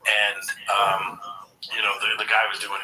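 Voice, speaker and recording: A man's voice: on the low side, a little slow, noisy background. A man in casual podcast chat, telling a story with energy and acting out what others said. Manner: animated storyteller acting out quotes.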